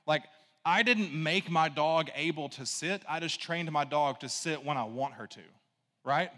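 A man's voice: fairly high pitch, unhurried, sharp tone, big-room sound. A man preaching a conversational sermon, casual and rambling, full of asides and "right?" checks to the congregation. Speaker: pastor.

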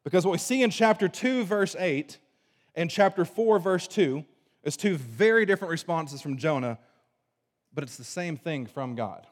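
A man preaching a sermon to a congregation, moving between forceful emphasis and hushed, low passages. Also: expressive, normal speed. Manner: dynamic preaching, swinging from loud emphasis to hushed low tones. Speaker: pastor. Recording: long reverb of a large hall.

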